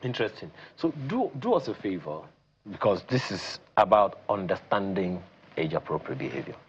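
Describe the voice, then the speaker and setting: A man with a Nigerian accent hosting a studio talk show and asking measured questions. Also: sits low, very animated, husky, highs cut off.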